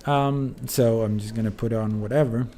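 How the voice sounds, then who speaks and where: A man's voice: fairly low pitch, fairly even intonation, normal speed, dark tone. Sleepy, rambling male game streamer. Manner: rambling, hesitant, many fillers. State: sleepy, yawning. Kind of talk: casual let's play commentary.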